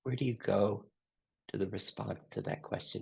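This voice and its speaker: Gravelly man guiding a slow group reflection. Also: fairly low pitch, steady tone. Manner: gentle, slow, many open questions. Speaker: facilitator.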